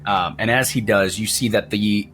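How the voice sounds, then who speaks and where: A man with a low voice narrates a tabletop game as game master, laying out the scene at an easy pace. Faint music plays behind him. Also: normal speed, fairly bright tone.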